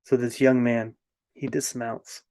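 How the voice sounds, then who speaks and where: A man telling a fairy tale and then reflecting on it in a gentle, unhurried way. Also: medium pitch, little pitch movement, dry recording. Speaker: storyteller.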